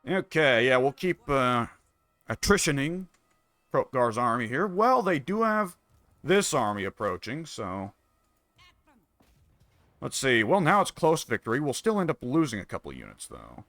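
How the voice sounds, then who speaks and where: A man's voice: medium pitch, big pitch swings, a little slow, pauses often, a bit bright, dry recording. A man casually commenting on his own strategy game, musing and wry, talking half to himself. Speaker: gameplay commentator.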